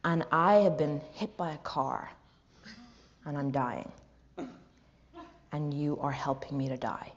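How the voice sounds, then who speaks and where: Woman doing earnest older male actor, slow solemn delivery, hushed low voice, muffled sound. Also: steady tone.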